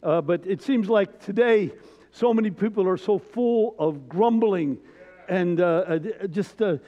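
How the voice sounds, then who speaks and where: An older man, a pastor, preaching a sermon in a homespun storytelling way, pausing often, recorded in a church. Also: sits high. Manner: folksy storytelling, frequent hesitations. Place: church sanctuary. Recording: dull church recording with long reverb.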